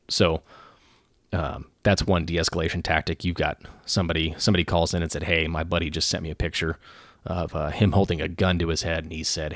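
A man who works as a police officer, talking through policy in a measured way with frequent pauses and restarts. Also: low voice, a bit bright, no room sound, studio quality. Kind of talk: casual commentary.

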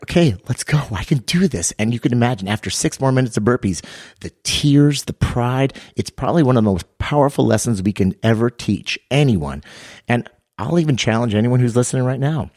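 A man's voice: slightly rough, no room sound, studio quality. A man co-hosting a podcast, telling a story as a fitness coach and acting out the quotes he tells. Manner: energetic storyteller, acts out quotes with raised pitch.

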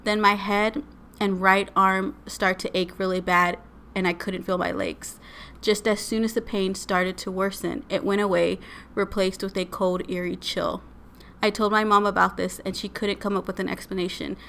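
A woman's voice: medium pitch, little pitch movement, normal speed, a bit bright, slight background noise. A woman co-hosting a podcast, casually retelling eerie stories with lots of "like" and "right?". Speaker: podcast co-host. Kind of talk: casual storytelling chat.

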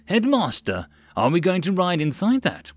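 A man's voice: on the high side, slow, dry recording, voice pushed up. A man voicing a nervous young girl student who stammers and hesitates in a storybook reading.

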